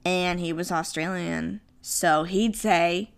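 A woman's voice: on the low side, fairly even intonation, slow, creaky, smooth. A young woman chatting casually, telling candid stories with plenty of swearing. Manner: candid storytelling, swears freely. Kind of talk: casual chat.

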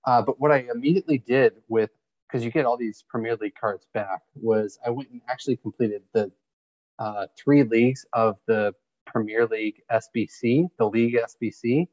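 A man's voice: medium pitch, steady tone, normal speed, darkish tone. A man co-hosting a casual podcast chat, laid-back and offhand, who swears freely. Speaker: podcast co-host. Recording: dull lo-fi remote audio.

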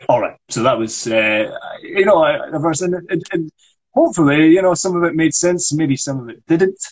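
Husky northeast Scottish man. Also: fairly high pitch, lively intonation, normal speed. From northeast Scotland. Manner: chatty, lots of restarts and fillers. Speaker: acting coach. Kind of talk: livestream chat.

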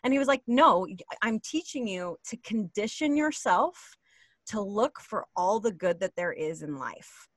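A woman's voice: medium pitch, a little slow, dry recording. A woman and mother co-hosting a casual chat, telling stories and acting out the quotes in them. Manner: animated storyteller, acts out quotes. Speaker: podcast co-host, mother of three.

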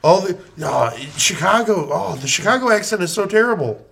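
A young man from the American Midwest, co-hosting a casual podcast. He talks loosely and crudely, often stammering and restarting his words. His pitch sits slightly above most men's. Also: lively intonation, a little fast, vocal fry, fairly bright tone. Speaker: podcast co-host. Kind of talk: casual banter.

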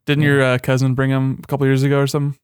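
A young man co-hosting a podcast, trading dry, wry jokes in relaxed chat. His voice sits at an ordinary pitch for a man and sounds dry and close. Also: rapid-fire, clear, resonant tone, no room sound. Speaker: podcast co-host. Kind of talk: casual chat.

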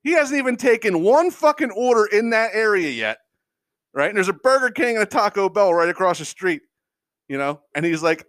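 A man's voice: high-pitched, a little fast, dry recording. A middle-aged man hosting a podcast, ranting casually with heavy profanity and frequent laughs. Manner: profane, animated, laughing storyteller. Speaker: podcast host. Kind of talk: casual comedic rant.

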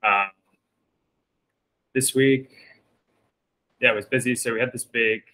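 A man's voice: mid-range voice, steady tone, measured pace, sharp tone, rough recording. A man in his twenties co-hosting a podcast over a video call, chatting in an upbeat, rambling way with lots of fillers. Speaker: podcast co-host. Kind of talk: casual chat.

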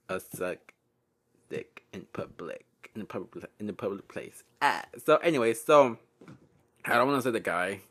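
A man's voice: medium pitch, fairly bright tone. A young man hosting a casual solo podcast from home, rambling and profane, laughing often and slipping Spanish words in. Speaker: podcast host.

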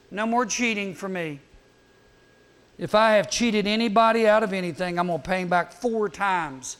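A man preaching a humorous sermon to teenagers, with a high-pitched voice. He is animated, teases his listeners and keeps slipping into quick character voices. His delivery stays lively throughout. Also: clear, resonant tone. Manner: animated, acts out quick voices, teasing asides. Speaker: youth camp speaker.

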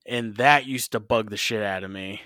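A man's voice: on the low side, moderate pace, pushed and bright, no echo, clean studio sound. A man co-hosting a podcast, telling rambling stories in a casual chat and swearing freely. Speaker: podcast co-host.

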